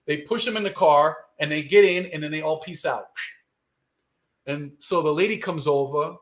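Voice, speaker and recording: Profane New storyteller, a bit high. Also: male voice, moderate pace. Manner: rambling, profane, street-slang delivery. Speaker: guest musician. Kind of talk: casual storytelling in an interview.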